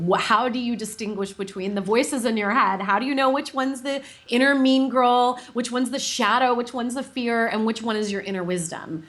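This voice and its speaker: A woman coach answering an interview question at length, explaining patiently and dropping her voice low when she voices gentle advice. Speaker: coach, guest.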